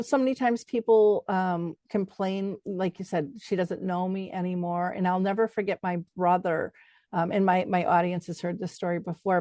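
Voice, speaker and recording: A woman's voice: fairly low pitch, mellow, no echo. Earnest woman host telling a story. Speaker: podcast host. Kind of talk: conversational interview with anecdotes.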